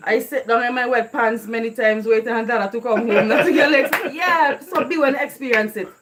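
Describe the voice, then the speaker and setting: A woman's voice: a little high, fairly quick, noisy background. Laughing island woman telling childhood stories. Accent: Caribbean island creole English. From Caribbean island. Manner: laughs often while telling stories, lively and animated. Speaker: vlogger. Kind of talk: casual storytelling.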